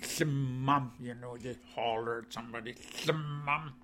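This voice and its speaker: Slow, bright-voiced man teaching words. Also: medium pitch, a little hiss or hum. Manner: pronounces each word, then glosses it in plain, halting English. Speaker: language teacher. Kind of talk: explaining vocabulary word by word.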